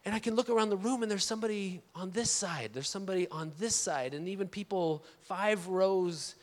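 A man in his thirties preaches with a high, bright-pitched voice, telling a personal story in an easy, animated way. He calls out for amens from the congregation. The sound rings with the long reverb of a large church auditorium. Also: brisk. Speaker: pastor. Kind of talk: storytelling sermon.

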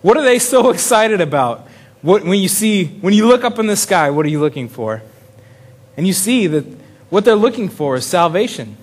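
A man's voice: sits high, sing-song, moderate pace. A man preaching a casual sermon in a chatty way, chuckling often and restarting his sentences. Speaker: pastor.

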